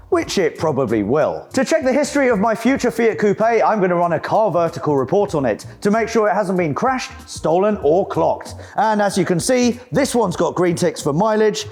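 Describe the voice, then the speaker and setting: A man hosting a casual, jokey car vlog from a garage workshop, excitable and swearing now and then. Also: high-pitched. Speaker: host.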